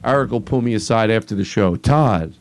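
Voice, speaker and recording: A man hosting a casual comedy chat, animated and laughing, swinging between loud and soft. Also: on the low side, fairly quick. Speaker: podcast host.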